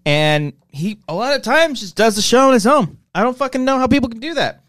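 A man's voice: extremely high pitch, lively intonation, brisk, a bit bright, dry recording, clean studio sound. A man co-hosting a podcast in casual chat, joking and giggling, a little intoxicated. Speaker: podcast co-host.

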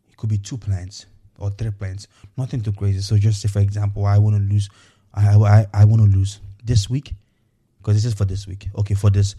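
A man with a low, very dark and mellow voice hosts a motivational podcast. He speaks earnestly and repeats himself as he coaches his listeners, often checking in with an "okay" or a "you know." The delivery is unscripted and conversational. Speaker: podcast host.

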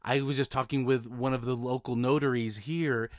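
Man, podcast host, casual advice talk, medium pitch, repeats words, dry recording. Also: steady tone, moderate pace, no room sound. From Utah. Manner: repeats and restarts words often. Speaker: podcast host, mobile notary.

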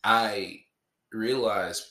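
A man's voice: lowish voice, drawn-out words, bright, forceful tone, roomy sound. A man hosting his podcast in casual chat, joking and playful, rambling along as he talks to a co-host.

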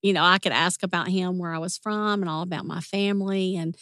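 Woman interview guest, warm chatty storyteller, lowish voice, dry close mic. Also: a little fast, no echo. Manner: warm, chatty, animated when retelling.

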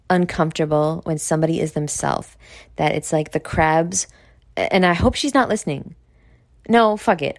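A woman's voice: lowish voice, gravelly, darkish tone, no room sound, clean studio sound. A woman from New York with a New York accent, hosting a podcast in a blunt, profane, rambling monologue that drops now and then into near-whispered asides. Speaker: podcast host. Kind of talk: casual monologue.

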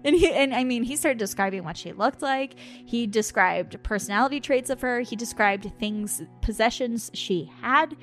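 A woman with a fairly high voice tells her own story on a podcast in a loose, candid way. She laughs easily and fills her talk with little fillers as she goes. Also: moderate pace, few pauses, a bit bright, soft background music. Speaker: podcast host and medium.

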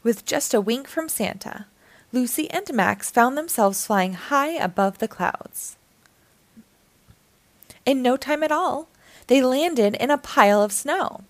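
A woman reads a children's picture book aloud as a storytime host. She takes her time and her voice rises and falls with lively expression. The sound is dry and close, with no room around it. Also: fairly high pitch, slow, dry recording. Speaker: storytime reader.

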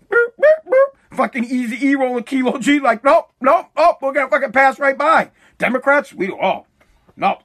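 At home at night, a man with a very high, bright voice launches into a profane, fired-up rant. He mocks the people he's complaining about and keeps pressing on with real heat, his tone sharp and cutting throughout this monologue.

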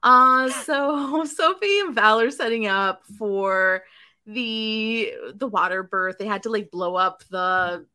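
Bright, chatty woman co-host. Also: on the high side, slow pace, clear, resonant tone. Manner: chatty, animated storytelling with lots of "like". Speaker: podcast co-host recapping a show. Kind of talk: casual chat.

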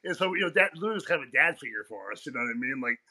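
A man's voice: medium pitch, lively intonation, racing, sharp tone. A man being interviewed on a podcast as a guest coach, telling stories casually. He swears freely and laughs often. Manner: profane, laughs often, tells stories in a rush.

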